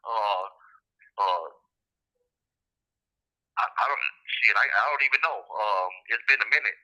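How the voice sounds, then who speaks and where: A man with a very bright, forceful tone talks as a guest on a podcast. His speech is casual and rambling, full of street slang. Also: fairly low pitch, a little slow, rough recording. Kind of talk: casual conversation.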